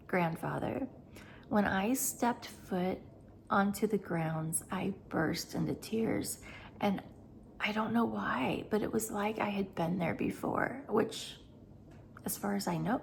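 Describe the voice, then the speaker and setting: A woman's voice: mid-range voice, gravelly, a little hiss or hum. A middle-aged woman, chatting emotionally to camera in a vlog, laughing often. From United States. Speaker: travel vlogger.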